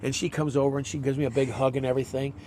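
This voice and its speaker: An older actor in a casual chat, telling rambling anecdotes and acting out quotes. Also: male voice, medium pitch, little pitch movement, rapid-fire, very noisy. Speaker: actor, guest.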